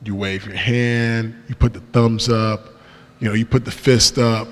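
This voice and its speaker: A man's voice: mid-range voice, level tone, unhurried. Young man telling his story in a reverberant church. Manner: casual storytelling, slangy, voices his past self. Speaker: guest speaker. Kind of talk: testimony talk from the pulpit. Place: large church sanctuary. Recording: long hall reverb in a church.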